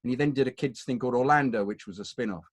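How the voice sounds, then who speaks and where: A man's voice: mid-range voice, quick pace, no room sound. An English man with an upper-class accent, an actor reminiscing in a digressive, anecdotal way. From England. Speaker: actor, guest. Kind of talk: conversational reminiscing.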